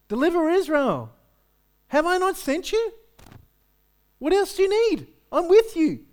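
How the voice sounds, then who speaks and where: A man's voice: extremely high pitch, sing-song, unhurried, a little mellow, voice pushed up, heavily acted. A man voicing God as a commanding, encouraging male voice within a sermon, delivered in a rising, urgent and emphatic manner.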